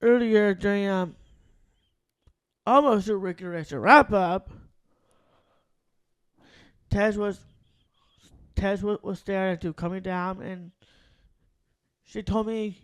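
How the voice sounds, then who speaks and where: A man in a casual chat, speaking haltingly with many restarts. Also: sits high, fairly even intonation, clear, resonant tone. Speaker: podcast guest.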